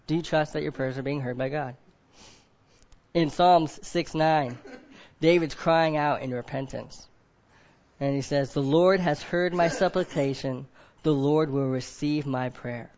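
A man's voice: fairly high pitch, measured pace, a little mellow, dull audio. A man preaching a sermon to a group of men. He keeps asking them questions, often adds "right?", and acts out other people in quoted voices.

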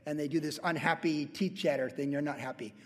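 Male pastor, fairly high voice, playful anecdotal preaching, church hall reverb. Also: fairly even intonation, a little fast. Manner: jokey storytelling with animal voices. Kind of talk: verse-by-verse sermon.

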